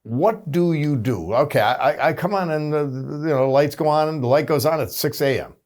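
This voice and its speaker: A man's voice: a little high, a little fast, darkish tone. Chatty male talk show host. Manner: prompting, chatty questions. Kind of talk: casual interview.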